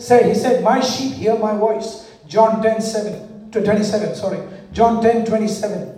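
A man's voice: high voice, dark tone. A male pastor preaching a sermon, with rhythmic call-and-response and repeated parallel phrases, recorded in a church. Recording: echoey church hall from far off.

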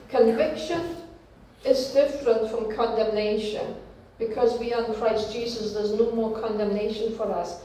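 A woman preaching a sermon, teaching slowly and deliberately and repeating her key phrases. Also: a little high, steady tone, warm tone, recorded from a distance, a little hiss or hum. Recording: very echoey room, from off-mic.

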